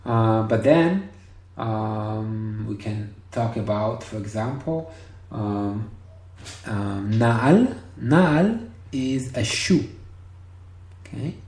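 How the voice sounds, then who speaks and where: A man teaching Hebrew one-on-one over a video call, patient and encouraging, repeating words slowly. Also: on the low side, animated, darkish tone. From Israel. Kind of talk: one-on-one online language lesson. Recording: roomy video call audio.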